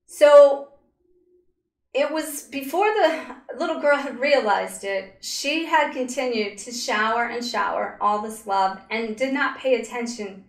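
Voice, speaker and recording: A woman narrating a story slowly and dramatically, with pauses and fillers, as a spiritual coach. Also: on the high side. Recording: roomy echo.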